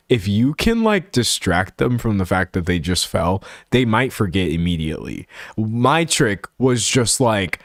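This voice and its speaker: Young guy streamer chatting w his chat, super expressive pitch, dry close sound, laughs a lot. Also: no room sound. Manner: animated, laughing, slangy, jumps into high voices. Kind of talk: casual chat reading live chat.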